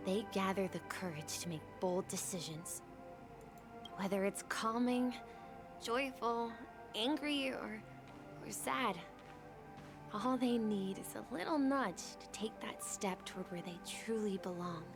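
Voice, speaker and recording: A woman voicing a gentle, wise young boy in a video game, speaking softly and reassuringly. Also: mid-range voice, unhurried, long pauses, natural voice. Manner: soft, reassuring, encouraging. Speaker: game character. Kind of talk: game voice acting. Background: music.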